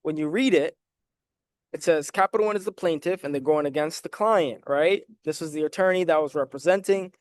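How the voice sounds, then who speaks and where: Talking a little fast with a fairly high pitch, the man teaches viewers about debt collection letters in a dry, clean studio recording. His explanation over the documents is casual yet emphatic, and he keeps asking "guys" whether they follow, "right?".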